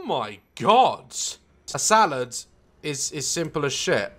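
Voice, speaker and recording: Frantic swearing gamer. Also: male voice, a little high, very animated, slow pace, noisy background. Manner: frantic, swears constantly, yelps and cackles at mishaps. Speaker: gaming YouTuber. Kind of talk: comedic gameplay commentary.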